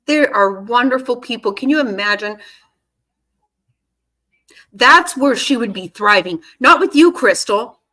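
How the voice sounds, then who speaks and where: Woman host for a reaction video, a touch high, sharp and bright, indignant and profane as she talks back at the screen. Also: lively intonation, unhurried, pauses often. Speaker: true-crime commentary host. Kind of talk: casual reaction commentary.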